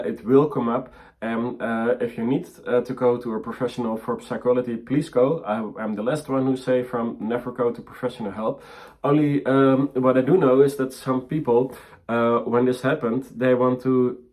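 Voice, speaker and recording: A man teaching about mediumship, speaking haltingly with many fillers and restarts, in a gentle, encouraging way. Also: mid-range voice. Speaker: spiritual teacher.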